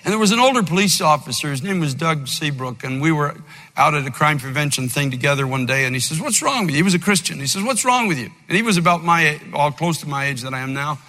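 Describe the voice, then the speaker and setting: An older man preaching an impassioned sermon, moving between loud fervent outbursts and low, quiet storytelling. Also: quick pace. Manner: fervent preaching, by turns shouting and dropping low, with storytelling asides. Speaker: pastor. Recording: long reverb of a big hall, faint music.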